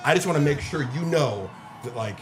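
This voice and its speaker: A man on a podcast telling a story in casual chat, animated and filler-heavy, swearing often and acting out what others said. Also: a little high, brisk, noisy background.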